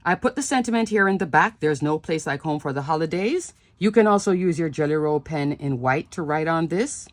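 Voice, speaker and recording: Chatty craft lady showing off her cards, lowish voice, super dry close sound, keeps saying love love. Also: animated, a little fast, few pauses, dry recording. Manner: bubbly, repeats words like "love, love" and "fun"; addresses viewers as "crafters". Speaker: papercraft video host. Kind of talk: casual craft demonstration.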